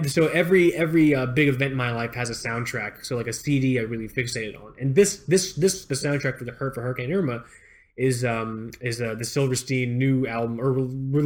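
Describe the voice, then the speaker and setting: Animated young man, swearing, restarting. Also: mid-range voice. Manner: animated, swears freely, rambling with many restarts. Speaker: podcast co-host. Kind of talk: casual chat.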